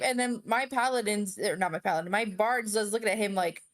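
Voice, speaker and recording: A woman tells a story with a lot of life in it, swearing freely and laughing as she goes. Her voice sits a bit higher than most. Soft music plays behind her. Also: normal speed, long pauses. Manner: animated and expressive, swears freely, laughs often. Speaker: friend recounting a tabletop game session. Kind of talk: casual storytelling on a stream.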